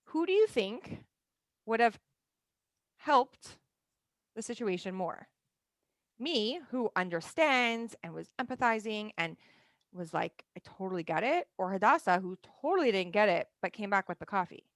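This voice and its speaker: A woman's voice: medium pitch, animated, a little slow, pauses often, no echo. A woman in her thirties teaching a religious class in a conversational style, often checking in with "right?" and filling her talk with "like". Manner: chatty, often asks "right?" and leans on "like".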